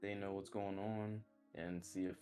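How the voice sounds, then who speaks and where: Man, tabletop player, lowish voice, hesitant, lots of uhs. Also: flat delivery, unhurried, mellow, faint music behind. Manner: hesitant, filler-heavy. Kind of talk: playing a tabletop game.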